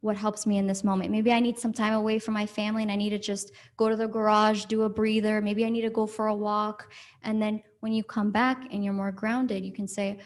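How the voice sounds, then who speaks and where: A woman counselor speaking calmly and practically to a church group, answering questions. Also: mid-range voice, fairly quick. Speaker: counselor giving a church talk. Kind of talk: talk with audience questions. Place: church hall.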